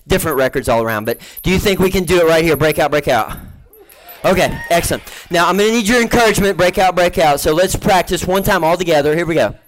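A man runs a comic stage act, joking and coaxing his volunteers and the crowd. His voice sits a little high for a man, and it carries across a large stage in front of a live audience. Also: low-quality recording. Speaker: gospel magician.

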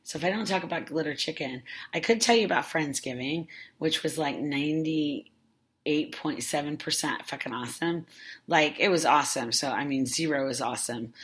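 A woman's voice: low voice, moderate pace, fairly bright tone. A woman hosting her own podcast in a casual, rambling monologue, swearing freely and often losing her train of thought. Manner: rambling and profane, with many fillers and self-interruptions. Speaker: podcast host.

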